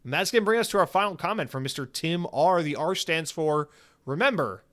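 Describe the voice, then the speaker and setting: A male podcast host talking casually on his own show. He is animated and sarcastic, drops profanity easily and fills his talk with casual fillers. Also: fairly high pitch, a little fast. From United States.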